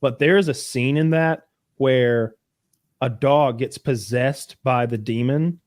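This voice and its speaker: A man's voice: mid-range voice, slow pace, darkish tone, no echo, studio quality. A man co-hosting a podcast, telling a rambling, profane story in casual chat. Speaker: podcast co-host.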